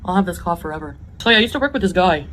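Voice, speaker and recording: A woman's voice: fairly low pitch, expressive, racing, a bit bright, a little hiss or hum, low-quality recording. A woman hosting an eating show, chatting about her meal and savoring each bite. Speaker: mukbang host.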